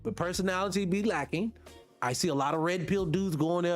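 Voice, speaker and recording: A man's voice: a little high, brisk, soft background music. Blunt preachy radio host, man. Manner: blunt, preachy, addresses listeners directly. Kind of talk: casual morning radio talk.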